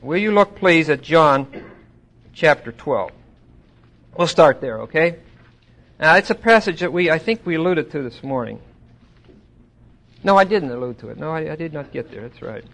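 A man's voice: on the high side, expressive, normal speed, pauses often. Man teaching a Bible study. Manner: conversational, swelling louder on scripture quotes; asks the audience questions.

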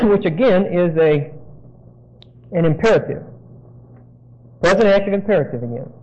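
High-voiced man teaching Bible verses. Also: expressive, measured pace, a little hiss or hum. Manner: explains Greek grammar, digressive, frequent "okay?". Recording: dull lo-fi sound.

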